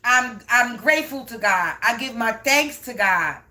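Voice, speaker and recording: A woman's voice: a little high, lively intonation, a little slow, bright, forceful tone. A woman spiritual reader talking to camera in an unscripted, profane rant, stressing points by repeating them. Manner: profane, emphatic, repeats herself. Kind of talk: unscripted ranting monologue.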